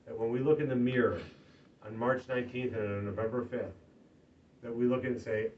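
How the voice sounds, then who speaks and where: A man delivering an emphatic campaign stump speech, moving between loud rallying lines and quiet, earnest stretches. He sounds far from the mic, on a dull, lo-fi recording. A faint room ambience hums behind him. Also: mid-range voice, fairly even intonation, brisk, slight background noise. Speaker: political candidate. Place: party office meeting room.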